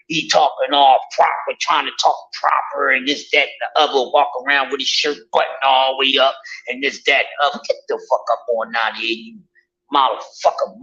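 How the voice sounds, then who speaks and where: A man ranting casually to his viewers, in an animated, profane and mocking way. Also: fairly high pitch. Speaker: vlogger. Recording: dull lo-fi audio.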